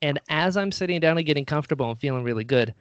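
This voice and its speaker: A man's voice: fairly high pitch, animated, very fast, smooth, dry recording, lo-fi sound. A man telling a story in casual chat, animatedly acting out what people said.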